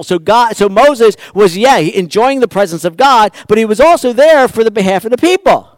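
A man with a high, smooth, resonant voice preaches a sermon, recorded dry and close. He keeps asking his congregation rhetorical questions. He swings between hushed asides and loud, emphatic stretches. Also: expressive, normal speed, hardly any pauses, no room sound. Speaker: pastor.

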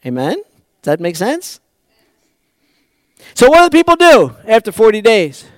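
Pitched high and swooping wildly, a male pastor preaches at a moderate pace, with no room sound in the recording. His sermon moves between hushed asides and loud, emphatic stretches, full of rhetorical questions for the congregation.

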